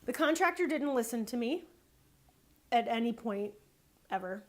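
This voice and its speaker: Brief: woman, higher-pitched, photographer telling a fed-up sales story, emphatic and animated. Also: normal speed. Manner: animated, exasperated, emphatic repetition. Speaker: photographer and small business owner. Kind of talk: casual storytelling sales advice.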